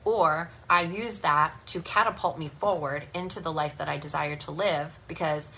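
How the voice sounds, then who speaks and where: A woman business coach giving a live motivational talk and sales pitch, speaking directly with energetic tough-love encouragement. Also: a little slow, gravelly.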